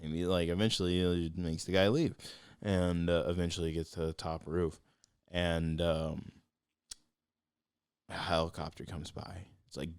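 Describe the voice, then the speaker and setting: Excitable deep-voiced young man. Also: normal speed, clear, resonant tone, no room sound, clean studio sound. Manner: excitable, storytelling, jumps into voices. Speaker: podcast co-host. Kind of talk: casual chat.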